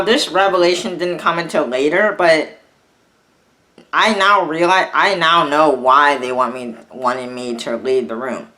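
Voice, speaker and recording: A young man telling a personal story in an angry, halting vlog rant, full of restarts and swearing. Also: a little high, sharp tone, rough recording. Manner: halting and bitter, with frequent restarts and profanity. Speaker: vlogger.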